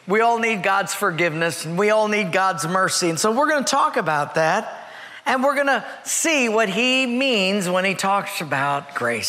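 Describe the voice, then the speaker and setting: A man preaching to his congregation in a high, bright voice, easygoing and joking, and he slows down to stress key points. Long church-hall reverb trails his words. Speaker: pastor. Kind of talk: sermon.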